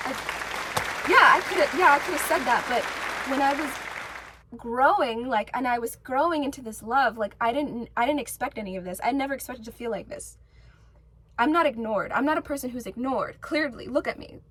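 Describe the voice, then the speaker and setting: A woman's voice: sits high, bright, forceful tone, a little hiss or hum. Emphatic, rambling woman vlogger. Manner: emphatic, rambling, swears freely; many fillers and restarts. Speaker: spiritual vlogger. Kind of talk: casual monologue to camera.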